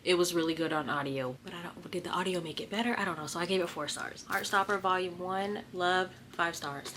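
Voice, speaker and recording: Chatty woman book vlogger with a bright voice. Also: on the low side, a little hiss or hum. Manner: chatty, talks straight to viewers. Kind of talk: casual vlog chat.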